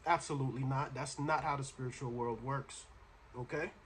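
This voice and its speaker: A man's voice: medium pitch, steady tone, normal speed, a bit bright, slight background noise. A man hosting a reaction video, giving casual, preachy commentary full of slang and asides to the viewer. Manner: preachy, slangy, addresses listener as bro.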